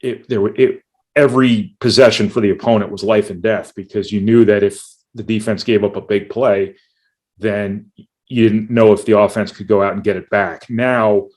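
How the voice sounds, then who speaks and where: Low-voiced man analyzing football. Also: fairly even intonation, normal speed, darkish tone. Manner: analytical, with occasional dry jokes. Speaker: sports writer panelist. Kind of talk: sports talk show discussion.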